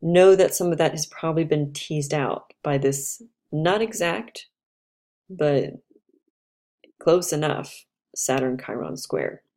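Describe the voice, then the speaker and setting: A woman's voice: low voice, animated, takes it slowly, mellow. A woman astrologer giving a casual, chatty talk, reflective and loose, with fillers and restarts.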